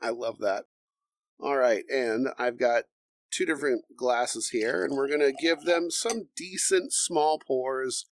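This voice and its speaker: A man at an ordinary pitch talks through a tasting in a measured, explanatory way. The sound is dry and close, without room echo. He comes across as a relaxed podcast co-host. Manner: measured, explanatory, reads tasting notes aloud. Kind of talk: casual bourbon tasting chat.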